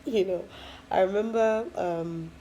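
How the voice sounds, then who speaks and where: A woman's voice: medium pitch, measured pace, warm tone, slight background noise, poor audio. A woman, a first-time mom, casually telling her own story with lots of fillers and frequent laughs. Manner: chatty, many fillers, laughs often.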